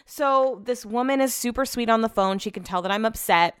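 A woman podcast host rambles through a long personal story in a casual monologue. She talks animatedly, swears freely and acts out quoted exchanges. Her voice is smooth and clean, and the sound is dry and close. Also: on the high side, brisk, hardly any pauses, a bit bright, no echo.

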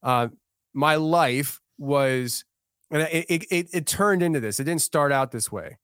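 A man in his thirties talks as a guest on a podcast, sharing a story in an earnest, heartfelt way. His sentences often start over as he works through his thoughts. His voice is clear and smooth, recorded dry and close in a studio. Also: a little high, a little slow, a bit bright, no echo. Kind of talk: casual podcast conversation.

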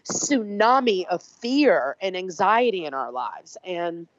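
A woman's voice: fairly low pitch, sing-song, slow pace, dry recording. A woman artist being interviewed, talking in a brash, emphatic, profane way. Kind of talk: casual conversational interview. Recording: dull lo-fi dry sound.

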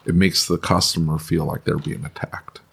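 A man's voice: low voice, level tone, moderate pace, creaky, husky. A man co-hosting a live podcast at a trade conference, asking direct questions and laughing at his own lines. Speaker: podcast co-host. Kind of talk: casual live podcast chat.

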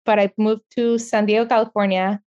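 A middle-aged woman from Mexico with a heavy Mexican accent, speaking as an interview guest in an animated, passionate way and laughing easily. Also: medium pitch, fairly quick, lo-fi sound. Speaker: guest, media entrepreneur. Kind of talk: interview conversation.

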